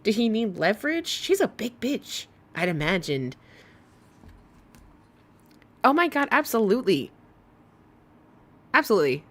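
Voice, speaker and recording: A woman's voice: mid-range voice, big pitch swings, a little slow, pauses often. A young adult woman hosting a casual commentary livestream, chatty and profane with laughing asides. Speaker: livestream host.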